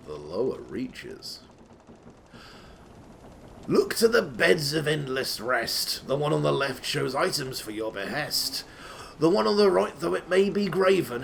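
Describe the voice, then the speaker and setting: A man with a somewhat high, gravelly voice reads rhyming verse aloud with comic theatrical flair. He puts on a rustic, old-timey accent that keeps drifting, and he breaks off into sweary, self-mocking asides. A faint hum of noise sits under the voice. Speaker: reader of a game walkthrough.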